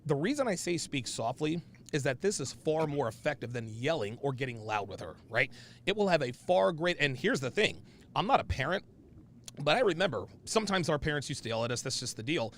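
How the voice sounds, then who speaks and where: A man's voice: fairly high pitch, very animated, a little fast, a little hiss or hum. A man hosting a casual podcast, talking bluntly and emphatically with profanity and restarts. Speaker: podcast host.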